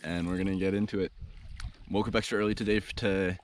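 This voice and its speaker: A man talking casually to the camera while walking a portage trail and carrying gear, often pausing with filler sounds and restarting his phrases. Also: low voice, level tone, slight background noise. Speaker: canoe trip vlogger. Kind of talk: casual on-the-go video diary. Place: outdoors on wilderness portage trails.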